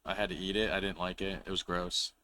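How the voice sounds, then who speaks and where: Bright-toned American man chatting casually. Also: deep voice, quick pace, slight background noise. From United States. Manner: relaxed, rambling, self-correcting. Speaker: reaction video host. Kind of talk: casual reaction chat.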